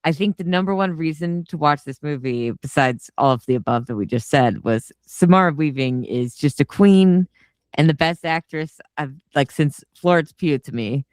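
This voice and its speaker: A man co-hosting a podcast, chatting casually about a movie, cursing often and jumping up in pitch when excited. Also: normal speed, smooth, dry recording, clean studio sound. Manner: animated, swears often, big pitch jumps when excited. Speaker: podcast co-host. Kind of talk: casual movie review chat.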